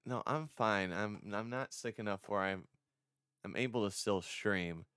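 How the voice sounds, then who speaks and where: A man's voice: lowish voice, a little slow, fairly bright tone, clear, resonant tone, no echo, studio quality. A man streaming casually, rambling and self-conscious, a little congested. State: slightly congested. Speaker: vtuber streamer.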